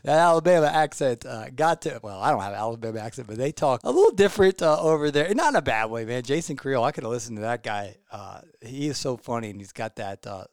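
A man's voice: medium pitch, animated, quick pace, few pauses, dry recording. A man hosting a podcast in a studio, talking casually and enthusiastically, rambling off on tangents between reading listener reviews and sponsor spots. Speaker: podcast host. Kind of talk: casual podcast talk with ad reads.

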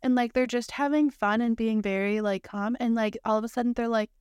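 A woman co-hosting a podcast, chatty and gossipy in casual conversation, with quick asides. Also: fairly high pitch, fairly even intonation, a little mellow, smooth, no echo, clean studio sound. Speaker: podcast co-host. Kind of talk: casual chat.

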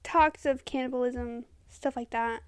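A woman co-hosting a podcast in casual chat, talking fast and excitedly. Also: on the high side, clean tone, no echo, clean studio sound. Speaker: podcast co-host.

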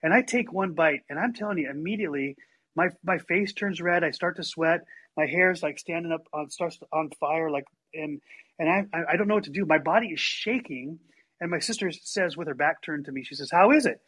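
An older man with a husky voice and a slightly raised pitch tells family stories in a relaxed, conversational way. He animates his tales by slipping into his relatives' voices. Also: brisk. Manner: animated, acts out family members in higher voices. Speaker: storyteller guest. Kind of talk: casual storytelling chat.

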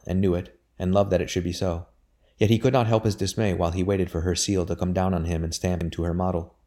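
Low, dark-voiced male narrator. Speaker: audiobook reader. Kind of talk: audiobook narration of a historical novel.

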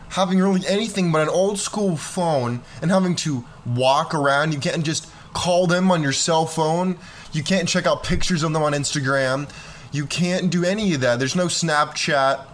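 A man's voice: on the high side, a bit bright, a little hiss or hum. A young man hosting a reaction video, talking in a laid-back, slangy, joking way. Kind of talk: casual commentary.

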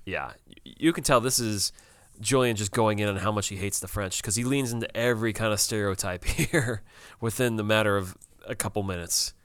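A man's voice: lowish voice, brisk, fairly bright tone, clear, resonant tone, no room sound, studio quality. A man co-hosting a casual TV recap chat, talking loosely with many fillers and laughs. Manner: chatty, laughs often, many fillers and restarts. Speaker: podcast co-host.

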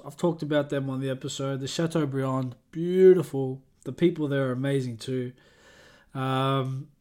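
A man's voice: fairly high pitch, darkish tone. A young Australian man hosting his own podcast, chatting casually in an upbeat, rambling way that often corrects itself. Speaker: podcast host. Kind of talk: casual solo podcast chat.

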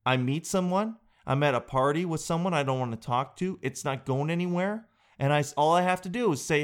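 A man with a fairly high speaking voice riffs through a comic monologue. He tells his stories in an animated way, swears freely, and keeps the bits rolling. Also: brisk, smooth. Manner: animated, profane storytelling. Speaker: comedian. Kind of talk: stand-up style comic monologue.

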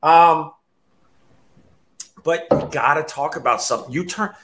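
A man hosts a loose, casual chat at a bar. His voice sits on the high side, and he jokes, rambles and laughs easily. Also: fairly bright tone. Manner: jokey, rambling, quick to laugh. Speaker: show host. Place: bar in New York City.

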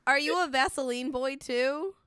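A woman's voice: high voice, normal speed, background noise. A woman co-hosting a podcast in casual chat, playful and teasing. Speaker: podcast co-host.

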